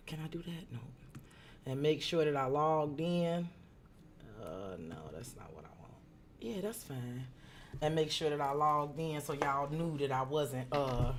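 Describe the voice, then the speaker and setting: A woman tarot reader chatting casually on a live stream, greeting viewers by name and slipping into soft asides. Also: deep voice, lively intonation, unhurried, slight background noise. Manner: drops into soft asides while fiddling with setup.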